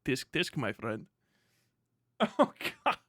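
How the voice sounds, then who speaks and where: A man's voice: medium pitch, takes it slowly, husky, no room sound, clean studio sound. A man streaming live, chatting casually, swearing constantly and laughing often. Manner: profane, excitable, laughs often.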